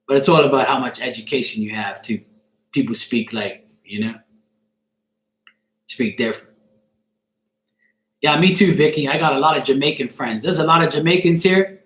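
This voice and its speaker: A man's voice: medium pitch, normal speed, long pauses, fairly bright tone. A Bermudian man chatting casually on a live stream, joking and swearing offhandedly as he answers viewers by name. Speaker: live streamer reading chat. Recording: echoey room.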